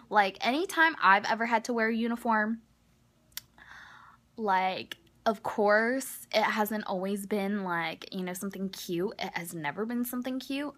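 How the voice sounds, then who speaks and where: A woman's voice: mid-range voice, measured pace, fairly bright tone. A young woman telling a story in a casual vlog, gossipy and exasperated, filling her talk with "like". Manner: gossipy, exasperated, heavy use of "like". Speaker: vlogger.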